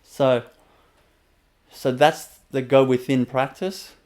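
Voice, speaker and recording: A man as a spiritual teacher, guiding listeners through a meditation practice in a gentle, repetitive way with soft laughs and many fillers, on a webinar. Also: medium pitch, steady tone, takes it slowly. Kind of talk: guided spiritual talk.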